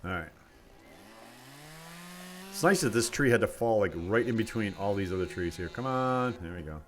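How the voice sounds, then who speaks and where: A laid-back man with a somewhat low voice talks through a live stream of a logging game. He rambles and thinks aloud, chatting to his viewers between tasks. Faint chainsaw noise runs underneath his voice. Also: expressive, normal speed. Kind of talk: casual live-stream commentary.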